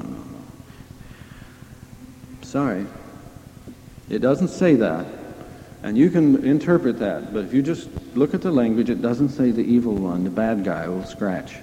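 Mellow-voiced preacher in an echoing hall. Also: male voice, on the low side, very animated, a little slow, vocal fry, lo-fi sound, slight background noise. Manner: conversational, emphatic, asks the audience questions. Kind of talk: sermon. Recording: echoey hall with long reverb.

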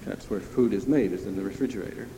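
A man's voice: lowish voice, fast, noisy background. A man preaching a sermon in a conversational, emphatic way, asking his listeners questions. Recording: echoey hall with long reverb.

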